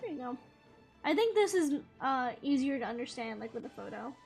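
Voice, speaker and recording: A woman's voice: sits high, big pitch swings, a little fast, gravelly, soft background music. A young woman streamer chatting casually over gameplay, bubbly and giggly, talking to her viewers. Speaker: gaming streamer.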